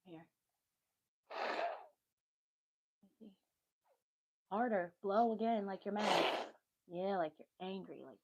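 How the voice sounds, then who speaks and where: A woman's voice: medium pitch, takes it slowly, long pauses, slightly rough, no room sound, dull audio. A woman giving a casual tarot reading on a livestream, chatty and easily sidetracked, with motherly asides. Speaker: tarot reader.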